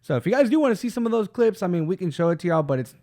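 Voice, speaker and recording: A man's voice: high voice, expressive, very fast, a little mellow. A young man co-hosting a podcast in casual chat, joking crudely and saying "dude" often. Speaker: podcast co-host.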